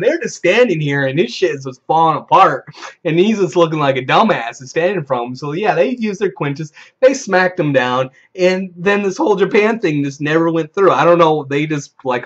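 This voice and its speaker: An animated, somewhat high-voiced man at a moderate pace hosts a video, casually spinning a crude, rambling tabletop game anecdote and voicing the players he quotes. The sound quality is dull and lo-fi.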